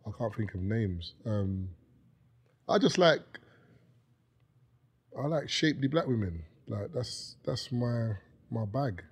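A man's voice: mid-range voice, lively intonation, slow, long pauses, husky. A man with a British accent, a podcast guest, chatting casually and bantering with a joking, laughing manner.

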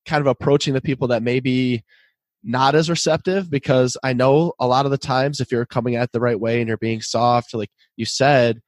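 A man hosting an interview, asking questions in a measured, searching way. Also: mid-range voice, fairly even intonation, no room sound. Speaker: host.

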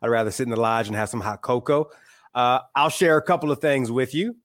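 A man in his thirties from Michigan, a guest and author, talking in a relaxed, wry, opinionated way. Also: medium pitch, brisk, no room sound. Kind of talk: casual chat.

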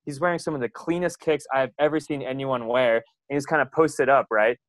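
A man's voice: mid-range voice, fairly even intonation, brisk, dry recording, rough recording. A young man, a runner, telling rambling stories about his coach with lots of fillers and laughs. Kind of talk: casual storytelling.

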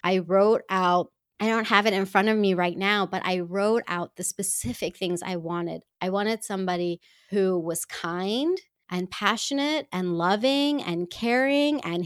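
A woman at a middle pitch tells a personal story to her listeners. Her delivery is earnest and heartfelt, with expressive rises and drops. The voice sounds dry and close, with no room around it. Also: clean tone, no room sound. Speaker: speaker addressing women listeners.

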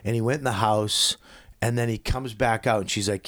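A man's voice: fairly low pitch, steady tone, moderate pace, fairly bright tone. A man in casual chat, talking bluntly and swearing freely. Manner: blunt, profane, emphatic.

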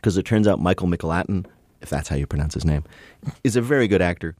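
A man with a very low voice co-hosts a podcast recap, speaking fast and in animated bursts. The sound is close and dry, with no room in it. He jokes and often restarts his sentences. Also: no echo. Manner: animated, quick, jokey, self-interrupting. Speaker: podcast co-host. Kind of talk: casual TV recap chat.

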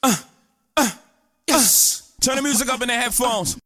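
A man voicing a hyped rapper who shouts ad-libs and whoops over a beat. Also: extremely high pitch, unhurried, voice pushed up, exaggerated voice.

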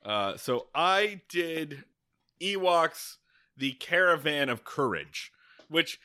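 A man co-hosts a podcast, joking around casually about movies, cursing occasionally and laughing while he talks. His voice sits a little high and sounds expressive, slow, pushed and bright, with a clear, resonant tone.

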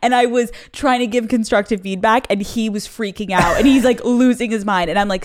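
A young woman, a comedian guest on a podcast, talking in an animated, emphatic way with quick asides. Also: medium pitch. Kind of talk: casual interview chat.

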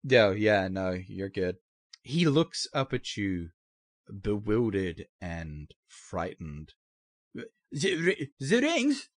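A man's voice: deep voice, takes it slowly, no echo. A man narrating a tabletop game as game master, laughing often and restarting his sentences.

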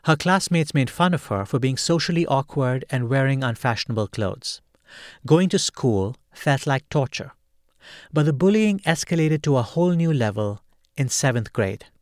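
A man hosting a show, giving a clear, scripted introduction to a story. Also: medium pitch, expressive, moderate pace, dry recording, clean studio sound. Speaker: host. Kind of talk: scripted narration.

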